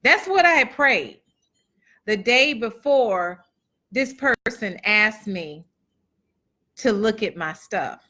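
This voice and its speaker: A motivational speaker and author, this woman has a bright, forward, fairly high voice and tells a personal testimony to a live crowd. She's expressive but slow, with long pauses, chatting in a folksy way, calling listeners y'all and acting out the dialogue.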